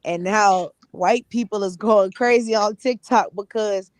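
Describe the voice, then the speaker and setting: A woman's voice: mid-range voice, a little slow, no room sound. A woman co-hosting a podcast, chatting loosely, laughing often and mimicking other people. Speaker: podcast co-host. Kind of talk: casual podcast chat.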